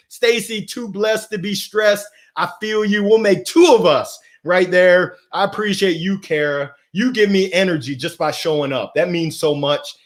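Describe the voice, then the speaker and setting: The host of this upbeat motivational stream has a voice that sits high and sounds fairly bright. He reads the chat, welcomes viewers by name, and bubbles over with energy and frequent laughs.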